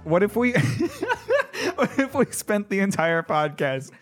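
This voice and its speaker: A male podcast host with a slightly higher-than-average voice, chatting loosely. He laughs a lot, teases his guest and fills the gaps with "uh". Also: wildly swooping pitch, takes it slowly, soft background music. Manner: laughing, teasing, filler-heavy. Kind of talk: casual podcast chat.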